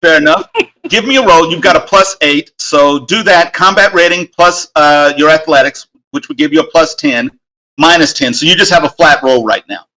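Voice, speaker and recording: A man runs a tabletop game as game master, his voice bright and a little high for a man. He narrates the scene in a halting way, full of fillers and restarts. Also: very animated, gravelly.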